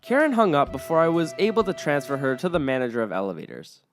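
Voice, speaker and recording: A woman narrating Reddit stories aloud in a wry, lively storytelling manner. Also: low-pitched, fast talker, faint music behind.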